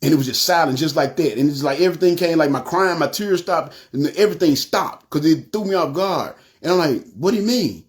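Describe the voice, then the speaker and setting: A man's voice: a little high, fairly quick, hardly any pauses. A man giving a personal testimony to the camera, talking conversationally and calling his listeners y'all. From North Memphis, USA. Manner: frequent "you know what I'm saying" fillers.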